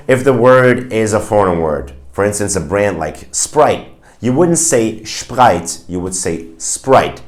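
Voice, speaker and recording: A man with a German accent who speaks German as his first language gives a patient, clear language lesson. His voice sits a little on the low side. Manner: clear, patient explaining with spoken examples. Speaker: language teacher.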